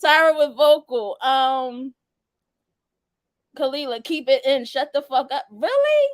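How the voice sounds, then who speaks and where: A woman's voice: high-pitched, fairly even intonation, a little slow, no room sound. A young adult woman hosting a casual live-stream chat, laughing and teasing as she reads viewer answers. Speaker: host.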